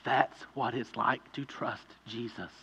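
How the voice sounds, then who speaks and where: A man preaching a sermon in a conversational way, telling vivid stories and building to loud pleading peaks. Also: medium pitch, steady tone, slow, breathy edge, poor audio. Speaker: pastor.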